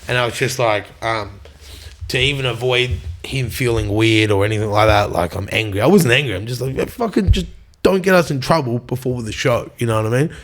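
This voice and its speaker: Speaking a little fast in a mid-range voice, a young Australian man appears as a podcast guest. He tells a rowdy tour story casually, swears freely, and acts out what people said.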